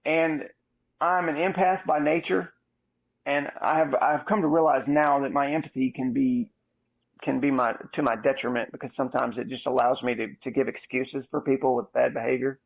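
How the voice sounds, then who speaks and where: A man in his thirties talks through a personal story in a candid, animated way. His voice is gravelly and the sound is muffled and lo-fi. It has the feel of casual podcast storytelling. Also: mid-range voice, normal speed. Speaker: podcast host. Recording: muffled lo-fi audio.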